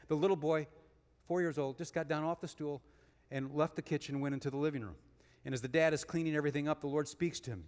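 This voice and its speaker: A man giving a sermon as guest speaker, moving between emphatic rises and hushed storytelling. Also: fairly high pitch, steady tone, fast talker. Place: church sanctuary. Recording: long reverb of a large hall.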